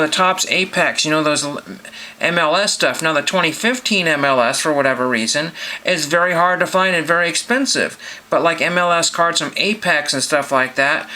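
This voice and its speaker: A man's voice: fairly high pitch, bright, forceful tone. A man hosting a card collecting channel, rambling casually with many fillers as he browses listings. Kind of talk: casual screen-share vlog.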